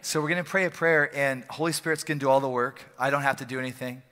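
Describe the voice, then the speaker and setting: A male pastor preaching an energetic, joking, conversational sermon in a church service, often repeating phrases for emphasis. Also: mid-range voice, fast talker. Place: church sanctuary during a service. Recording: long hall reverb from a church.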